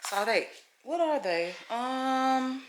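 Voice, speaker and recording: A young adult woman chatting casually to her viewers in a vlog, telling stories in an animated, profane way. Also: high voice, slow pace, heavy background noise. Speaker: vlogger. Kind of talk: casual vlog chat to camera.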